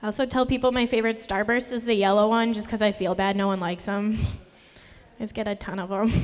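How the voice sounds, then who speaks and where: In a live room with long reverb at a comedy venue, a young female comedian does a jittery, rambling, self-deprecating stand-up set, her voice forever sounding teary. She speaks briskly at medium pitch with a steady tone.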